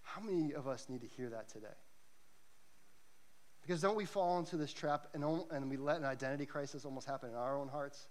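A man's voice: on the high side, fairly quick. A man preaching a sermon to a church congregation, earnest and emphatic, telling stories to make his points. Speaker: pastor. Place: church service.

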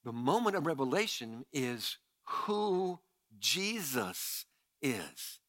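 A middle-aged man preaching a sermon in a church, telling stories animatedly with stammered restarts and dropping to a hushed low voice for emphasis. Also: big pitch swings, takes it slowly. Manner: drops to a quiet low voice for emphasis. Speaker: pastor. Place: church sanctuary.

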